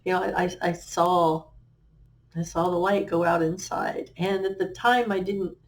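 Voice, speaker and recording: Earnest, halting middle-aged woman. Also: lowish voice, fairly even intonation. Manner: earnest, halting, with many fillers and restarts; quotes remembered conversations. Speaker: guest life coach. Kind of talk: personal testimony on a talk show.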